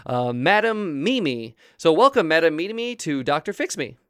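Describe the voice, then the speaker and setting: A man's voice: a little high, big pitch swings, normal speed, a bit bright, smooth, dry recording. A man hosting an improvised comedy podcast, flustered and stammering in a mock-earnest way. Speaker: host.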